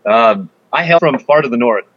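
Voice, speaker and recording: A man playing in a tabletop game, answering in quick joking banter. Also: medium pitch, lively intonation, fairly bright tone, breathy edge, dull audio. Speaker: player.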